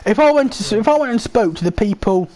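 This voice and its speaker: A young man talks in a loose, rambling way, swearing often. His voice sits high and leaps about in pitch. He sounds animated. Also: fast. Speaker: host. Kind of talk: casual chat while playing a football game.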